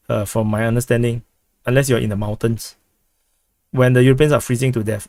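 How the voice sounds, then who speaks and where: A man with a Singaporean English accent hosting a casual livestream, answering viewer questions in a halting way full of repeated words and "uh" restarts. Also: mid-range voice, darkish tone, no room sound.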